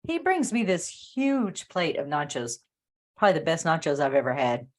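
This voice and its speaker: A woman co-hosting a podcast over a video call, telling stories in a casual, animated way. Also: deep voice, normal speed. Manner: animated storyteller, acts out the voices in her stories. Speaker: podcast co-host. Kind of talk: casual chat.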